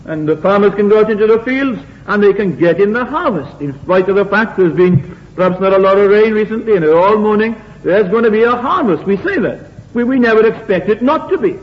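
A man's voice: sits high, lively intonation, brisk. Man, sermon, earnest, repetitive, long echo, lo-fi sound. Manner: earnest, repetitive, asks the congregation rhetorical questions. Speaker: preacher. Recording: dull, lo-fi recording in a reverberant hall.

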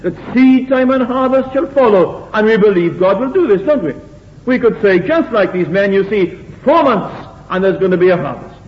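A man preaching a sermon in a chapel, earnest and repetitive, asking the congregation rhetorical questions. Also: high voice. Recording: dull, lo-fi recording in a reverberant hall.

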